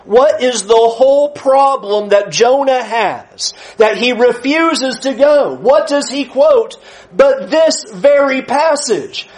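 High-voiced earnest male preacher. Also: lively intonation, slow pace, rough recording. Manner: earnest, emphatic, acts out quoted voices. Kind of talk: sermon lesson.

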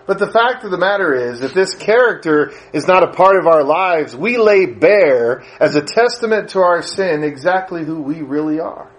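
A male preacher delivering a sermon with animated storytelling. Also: normal speed, few pauses. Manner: animated storytelling, pitch rising with emphasis.

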